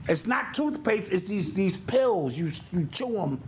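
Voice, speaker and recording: An older man co-hosting a podcast in casual chat, telling stories in an animated way and acting out sounds and quotes. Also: sits high, unhurried, noisy background. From United States. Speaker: podcast co-host.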